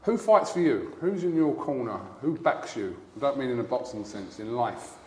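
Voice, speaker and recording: A man hosting an interview, asking earnest, measured questions. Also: medium pitch, big pitch swings. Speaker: interview host. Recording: echoey room, off-mic.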